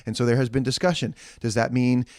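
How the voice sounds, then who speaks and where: A man's voice: medium pitch, little pitch movement, fast, darkish tone, no room sound, studio quality. A man co-hosting a church podcast in casual chat, earnest and ranting in bursts with frequent restarts.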